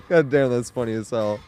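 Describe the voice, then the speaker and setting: Young man rambling on a game stream. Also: mid-range voice. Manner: rambling, swears a lot, laughs often. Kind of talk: casual live-stream chat.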